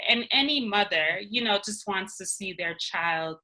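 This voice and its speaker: A woman speaking as the guest in an interview, talking earnestly and personally about her own experience with frequent pauses and ums. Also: mid-range voice, sharp tone, low-quality recording. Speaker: interview guest, nonprofit founder. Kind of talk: candid conversational interview.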